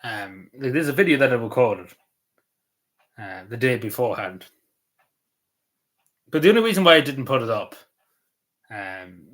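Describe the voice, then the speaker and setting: A man's voice: mid-range voice, fairly bright tone. An Irish man streaming a casual chat. He rambles loosely, with lots of ums, uhs and likes. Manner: meandering, full of ums and likes.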